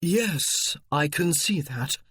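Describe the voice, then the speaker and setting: Reader voicing a calm, firm army officer. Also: male voice, fairly high pitch, slow pace, husky, dry recording, clean studio sound, heavily acted. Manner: maddeningly calm, firm, reassuring. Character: steady male military officer, calm and protective.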